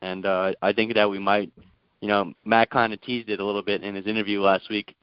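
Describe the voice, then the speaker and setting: A man calls in to a sports talk show for a casual chat, sounding hesitant and filling his speech with fillers and restarts. His fairly low voice is flat and brisk, with a clean tone, no echo, and the highs cut off.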